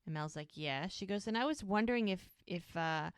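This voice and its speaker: A woman's voice: on the low side, expressive, normal speed, smooth, no room sound, clean studio sound. A woman co-hosting a podcast, casually retelling TV scenes and quoting characters' lines. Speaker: podcast co-host. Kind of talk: casual recap chat.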